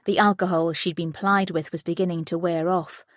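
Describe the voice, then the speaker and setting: A woman narrating an audiobook thriller in a steady, even way, close to the mic. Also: on the low side, moderate pace, no echo. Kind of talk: scripted narration.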